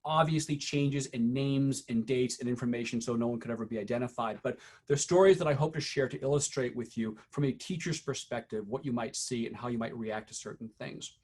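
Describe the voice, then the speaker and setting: A middle-aged man giving a teacher-training talk, telling true stories from his classroom in an earnest, halting way with frequent restarts. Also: medium pitch. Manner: earnest storytelling, frequent "uh" and restarts, quiet when recounting.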